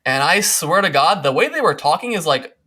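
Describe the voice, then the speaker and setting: A man hosting a podcast in casual chat, telling stories in a lively, animated way with playful asides. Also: a little high, a little fast, breathy edge. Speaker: podcast host.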